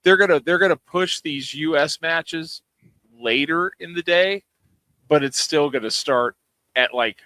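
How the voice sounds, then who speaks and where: A man's voice: fairly high pitch, unhurried, pushed and bright, no room sound. A man co-hosting a podcast, giving blunt, profane opinions in casual chat. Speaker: podcast co-host.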